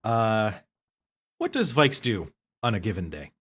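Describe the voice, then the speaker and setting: A male game master narrates the action with a bright, slightly husky voice. His pitch swings widely as he paints each scene vividly. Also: a little slow. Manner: lively narration with vivid descriptions.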